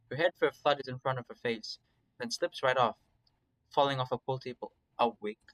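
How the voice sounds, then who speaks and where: A man reading a visual novel aloud in a casual, first-person way, swearing freely and breaking off for quick asides. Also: mid-range voice, fairly bright tone, poor audio. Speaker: story reader.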